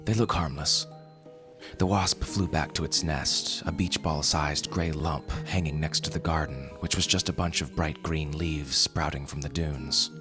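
Low-voiced man narrating a story. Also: fairly even intonation, normal speed, few pauses, over music. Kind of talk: first-person story narration.

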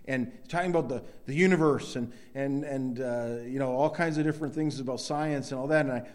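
A middle-aged man delivering a sermon to his congregation. He talks casually, with frequent restarts, then swells into emphatic bursts. His voice sits at an ordinary, medium pitch. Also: brisk, a little mellow. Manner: conversational preaching with many restarts, rising to emphatic bursts. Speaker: pastor.

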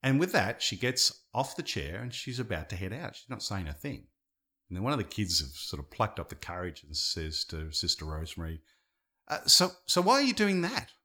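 Animated man telling a story. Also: sits low, a little fast. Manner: animated, dips and swells in loudness while telling a story. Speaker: podcast co-host. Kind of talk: conversational storytelling.

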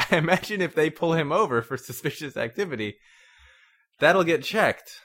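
A man's voice: a little high, animated, normal speed, a bit bright. A man in a casual talk, easygoing and musing, reacting to a story his friend tells. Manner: easygoing, laughs along, musing. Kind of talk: casual podcast chat.

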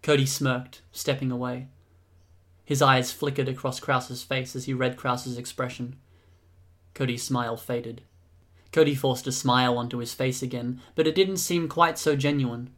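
A man giving steady audiobook narration. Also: mid-range voice, moderate pace.

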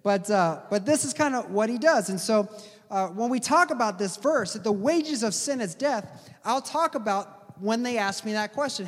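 Male preacher, high voice, earnest sermon delivery, echoing hall. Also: lively intonation. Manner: earnest, slows down to stress key words. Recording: long hall reverb.

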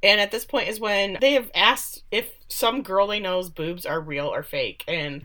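A woman's voice: medium pitch, measured pace, sharp tone. A woman casually recapping a TV episode. She talks loosely, swears freely and briefly mimics characters when quoting them.

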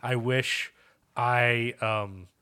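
A man's voice: medium pitch, very slow, smooth, no echo. Laughing, cursing male podcast host. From Pennsylvania, US. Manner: animated, swearing, laughing storyteller. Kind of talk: casual film chat.

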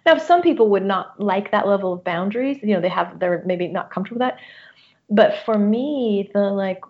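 A woman's voice: mid-range voice, lively intonation. Earnest middle-aged woman, muffled audio. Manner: earnest, open, talks in rushes with many restarts. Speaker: guest, coach. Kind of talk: candid personal conversation.

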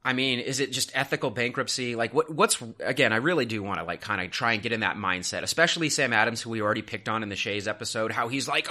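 A man hosting a history podcast, talking casually in an animated, sarcastic way. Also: mid-range voice, fast talker, few pauses.

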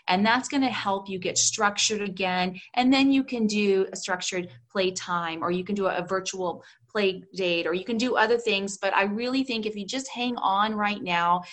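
A woman's voice: medium pitch, moderate pace, few pauses, fairly bright tone. Casting note: woman in her fifties, interview guest, earnest and encouraging, mid-range voice, loose conversational delivery with fillers and restarts. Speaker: guest, homeschooling mother and grandmother. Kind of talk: casual interview talk.

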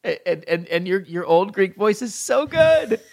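A man's voice: sits high, very animated, gravelly. A man from Montana hosting a comedy podcast, enthusiastic and encouraging toward his guest. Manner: enthusiastic, encouraging, quick bursts. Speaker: podcast host. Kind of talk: casual podcast interview.

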